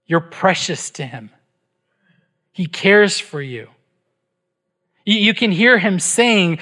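A man's voice: high voice, animated, slow pace, long pauses, bright, forceful tone. A middle-aged man preaching a sermon as pastor, emphatic, asking his listeners rhetorical questions and checking in with "right?".

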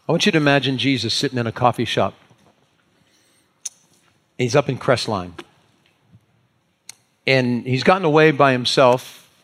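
A pastor whose mid-range voice has a fairly bright tone shares a down-to-earth, self-mocking story from everyday life. The sermon stays folksy and conversational, and he acts out the voices as he goes.

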